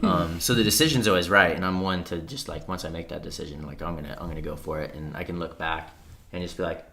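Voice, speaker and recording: A man's voice: sits low, fast, vocal fry, sharp tone. A man in his thirties, a podcast guest, talking earnestly and reflectively, with frequent "like" and casual swearing. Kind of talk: candid conversation.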